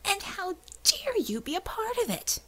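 A woman's voice: on the high side, lively intonation, normal speed, husky, poor audio. A woman voicing a furious, righteous young woman in an audiobook, hissing her words with clipped scorn. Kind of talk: audiobook character voice.

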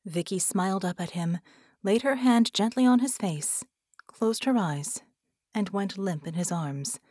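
A woman narrating an audiobook in a measured way, at times dropping into a whisper. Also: medium pitch, darkish tone, dry recording, studio quality. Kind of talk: scripted narration.

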